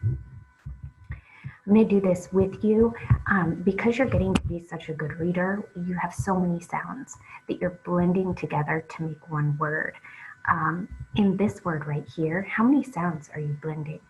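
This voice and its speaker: A woman's voice: lowish voice, unhurried, a little mellow, lo-fi sound, slight background noise. A woman teaching a phonics lesson to young children, sounding out letters one at a time and praising the listener. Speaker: reading teacher.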